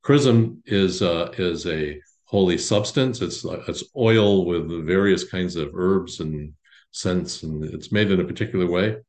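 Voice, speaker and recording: A man, a priest of an Orthodox parish, teaching his congregation in an informal, halting way with frequent restarts. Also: low-pitched, darkish tone. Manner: halting, many restarts and fillers, conversational.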